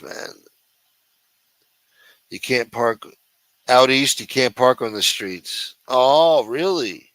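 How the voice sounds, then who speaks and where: Forceful ranting man, lots of cursing. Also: medium pitch, gravelly, no room sound, poor audio. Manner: sneering, profane, contemptuous. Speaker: livestream host. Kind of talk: profane ranting commentary.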